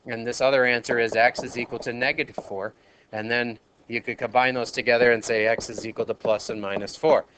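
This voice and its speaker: A man's voice: mid-range voice, a bit bright. Math teacher, male, Minnesota accent, classroom lecture, drifts from the mic, faint room noise. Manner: asks the class questions, jokes and polls students.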